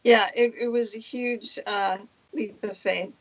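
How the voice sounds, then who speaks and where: A woman's voice: mid-range voice, fairly even intonation, unhurried, dull audio. A middle-aged woman from New York, a guest on a talk show, chatting in an emotional, rambling way with laughs. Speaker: guest, healing center owner. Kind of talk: casual interview chat.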